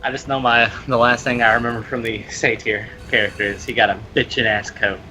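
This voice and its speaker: A man's voice: mid-range voice, little pitch movement, brisk, pushed and bright, slight background noise, low-quality recording. A young man chatting casually during a game stream, brash and joking with crude humor. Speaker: stream guest. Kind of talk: casual chat while gaming.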